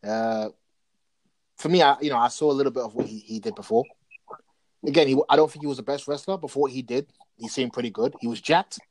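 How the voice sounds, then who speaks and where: As a podcast co-host, a man talks casually about wrestling, telling stories in an animated, excitable way. His voice is medium-pitched and fast, and the audio is poor, though without echo.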